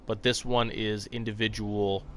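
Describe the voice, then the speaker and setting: A man's voice: on the low side, little pitch movement, a little slow, fairly bright tone, slight background noise. A man casually commenting on a live game stream, rambling with fillers, chatting with viewers by name and swearing now and then. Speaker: gaming streamer.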